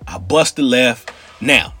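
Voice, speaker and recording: A man from Cincinnati spins a story in a husky, slightly raised voice, his pitch bouncing with animated energy. He talks in street slang and turns to his listeners with asides. The sound is dry and close, with faint music behind. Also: slow, no room sound. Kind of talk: casual storytelling.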